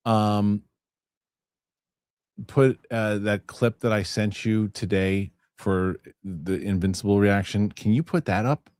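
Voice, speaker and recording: A man hosting a casual chat show, reading viewer comments aloud in a lively, swearing, quick-talking way. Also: on the low side, no room sound, studio quality. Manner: animated, swearing, quick asides. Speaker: show host.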